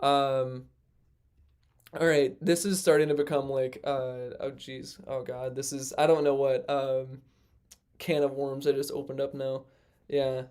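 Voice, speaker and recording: A man's voice: mid-range voice, little pitch movement, a little slow, a little mellow, clear, resonant tone. A man hosting a casual livestream, rambling with lots of fillers and joking at his own expense. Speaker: livestream host.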